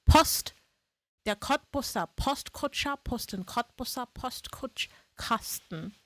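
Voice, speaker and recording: A woman's voice: mid-range voice, lively intonation, a little slow, a bit bright, no echo. A woman streamer chatting casually on a live stream, swearing freely and laughing at her own slips.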